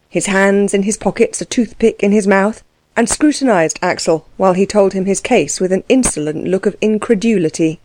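A woman reading a novel aloud as narrator, in a measured, steady way. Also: medium pitch, dry recording. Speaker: audiobook narrator. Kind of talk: scripted narration.

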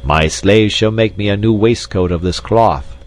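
Deep male reader playing a gruff, scornful chief. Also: measured pace, lightly acted. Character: big, scornful desert chief, grown man.

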